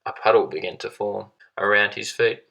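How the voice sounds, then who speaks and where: A man reading a short story aloud in a measured, steady storytelling manner. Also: on the low side, gravelly, low-quality recording. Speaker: reader.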